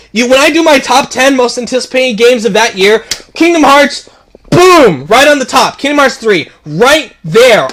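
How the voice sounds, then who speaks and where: A gaming video creator rants heatedly and profanely to camera, his very high-pitched voice carrying a fairly bright tone. He keeps repeating himself and stumbles over stammered restarts.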